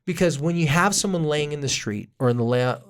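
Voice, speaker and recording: Man, podcast co-host, casual chat, somewhat high voice, acts out quotes, jokey. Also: brisk, smooth. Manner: animated, acts out parents and kids in quoted voices; jokey asides. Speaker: podcast co-host, parenting therapist.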